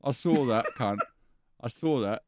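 A man's voice: medium pitch, a little slow, darkish tone, a little hiss or hum. A man hosting a comedy courtroom sketch as a judge, ranting in a foul-mouthed, aggressive way. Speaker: host playing a judge.

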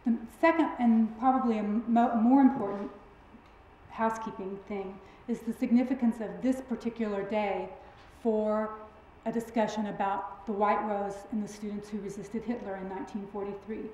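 A woman with a twang giving a public lecture in a lively, emphatic, friendly storytelling way. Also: medium pitch, moderate pace, a little hiss or hum. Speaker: guest lecturer. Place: large lecture hall. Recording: very echoey hall recording.

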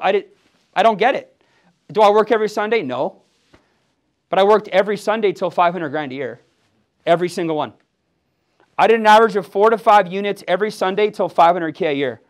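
A Milwaukee man in his forties, his voice rather high, pushes hard through a motivational sales training talk. Fired up and punchy, he keeps throwing "yes or yes?" back at his team, speaking fairly quickly but leaving long pauses.

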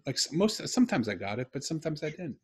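A man's voice: on the high side, big pitch swings, fast talker, breathy edge. A middle-aged man, a podcast guest, telling a personal story in an earnest, heartfelt, emphatic way.

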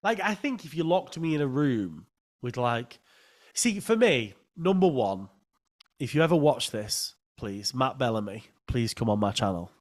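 A man hosting a casual chat, talking in an excitable, rambling way and often jumping in over his guest. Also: medium pitch, measured pace. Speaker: podcast host.

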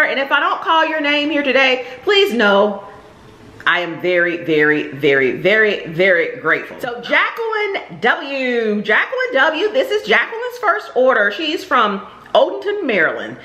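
A woman's voice: a little high, very animated, unhurried, pushed and bright, reverberant. A middle-aged woman chatting casually in a haul vlog, thanking shop customers and describing clothes, with plenty of ums and repeated words. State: out of breath. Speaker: vlogger and shop owner. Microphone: camera or phone nearby.

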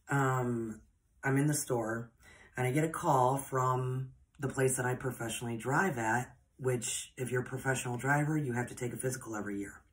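Deep-voiced woman telling stories. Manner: chatty, rambling, earnest. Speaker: spiritual podcaster. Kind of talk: personal storytelling.

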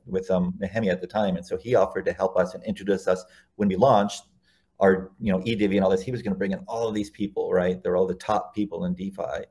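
A man's voice: sits low, darkish tone. A man, a guest on an interview show, telling long anecdotes casually, often restarting and correcting himself mid-sentence. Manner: rambling, self-correcting anecdotes.

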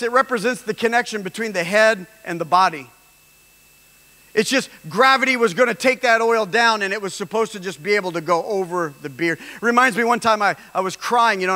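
A man preaching a sermon as pastor, emphatic and rising at times to shouts. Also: high voice. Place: church hall. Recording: long reverb of a large hall.

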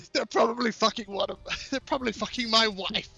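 A man's voice: high voice, gravelly. A man bantering crudely over game voice chat, laughing often. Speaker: gamer in voice chat. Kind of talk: casual banter.

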